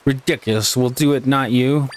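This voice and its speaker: A man's voice: mid-range voice, steady tone, normal speed, natural voice. A man reading as a haughty fish-folk clan chief. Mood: scornful. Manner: haughty, boastful dialogue read aloud. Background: game music.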